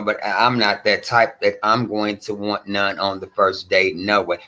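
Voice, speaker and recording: A man's voice: fairly low pitch, bright, forceful tone. A man hosting a show, giving casual and rambling commentary on a clip he is playing. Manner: conversational, rambling, full of fillers. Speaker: show host reacting to a clip.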